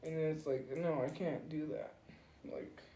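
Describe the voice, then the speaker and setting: Slow, rambling woman on a livestream. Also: sits low, steady tone, warm tone, reverberant, a little hiss or hum, rough recording. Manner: rambling, filler-heavy, self-deprecating. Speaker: livestream host. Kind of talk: casual livestream chat. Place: home room. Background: faint music playing.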